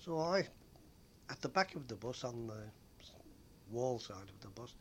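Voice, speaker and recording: An older man telling stories from his days as a bus conductor, rambling with frequent pauses and fillers. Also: mid-range voice, expressive, a bit bright, a little hiss or hum. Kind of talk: oral history reminiscence.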